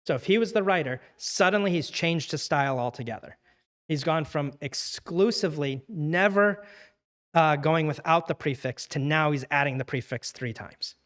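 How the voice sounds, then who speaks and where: A man's voice: fairly high pitch, moderate pace, a bit bright. A man teaching a church Bible class in a casual, conversational way, acting out everyday dialogue to make his points.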